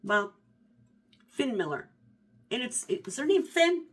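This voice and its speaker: Bright-voiced chatty woman in her fifties. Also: a little high, unhurried, slightly rough. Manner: chatty, rambling, animated with self-corrections. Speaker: book vlogger. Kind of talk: casual book review chat.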